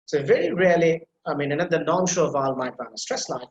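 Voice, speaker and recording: A man's voice: on the high side, expressive, fast, roomy sound, poor audio. A man teaching a pronunciation class on a video call, explaining patiently with many fillers and repetitions.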